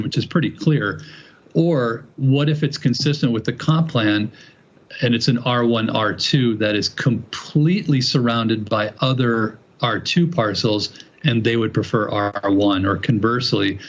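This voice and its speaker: Man methodically explaining zoning at a meeting. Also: fairly low pitch. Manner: measured and methodical, with occasional restarts. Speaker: planning consultant presenting to a city plan commission. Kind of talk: explanatory presentation at a public meeting. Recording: muffled, lo-fi meeting recording.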